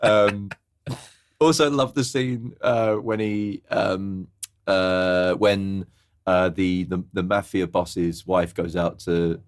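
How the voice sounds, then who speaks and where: Guy with a lowish voice chatting about old movies, casual podcast co-host. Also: level tone, slow. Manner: recounts scenes with exaggerated character impressions. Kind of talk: casual film review chat.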